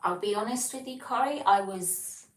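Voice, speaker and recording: A woman's voice: medium pitch, normal speed, roomy sound, distant mic, low-quality recording. A woman from England with an English accent, hosting a livestream, chatting casually and reading out viewer comments with lots of ums and restarts. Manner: rambling, frequent ums and self-corrections. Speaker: livestream host. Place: home, living alone.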